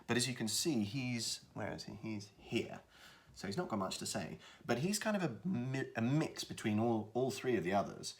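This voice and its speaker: A man's voice: mid-range voice, expressive, moderate pace. A voice actor giving a casual tutorial on voicing characters, hesitating often as he talks. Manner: hesitant, lots of fillers and restarts.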